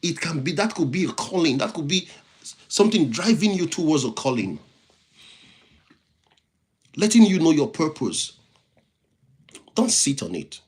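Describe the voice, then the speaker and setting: Speaking unhurriedly with long pauses, a livestream host with a non-native English accent gives motivational talk built on repeated phrases, reading comments and thanking viewers by name. His voice is a little high and a little mellow, with big pitch swings.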